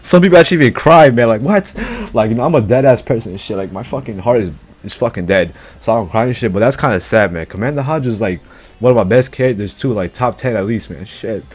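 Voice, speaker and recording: A man's voice: fairly low pitch, fast talker, a little mellow, husky. A man casually reacting to an anime chapter, slangy and profane, who keeps blurting out exclamations.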